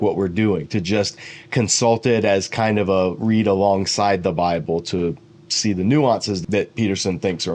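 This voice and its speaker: Man, Bible teacher, fairly low voice, explains Hebrew terms, reads out verses. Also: a little mellow. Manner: explains Hebrew words, reads translations aloud, quick asides.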